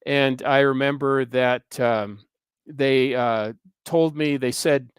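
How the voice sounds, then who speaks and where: A man's voice: medium pitch, slow, clear, resonant tone, no echo. A man in his sixties, a guest on an interview show, telling a personal story in an earnest, rambling way with frequent hesitations. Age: 60s. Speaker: guest, history professor and author.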